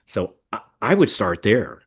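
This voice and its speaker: Male podcast host, lowish voice, folksy and rambling, lots of fillers. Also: sing-song, a little slow, slightly rough. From United States. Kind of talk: casual podcast chat.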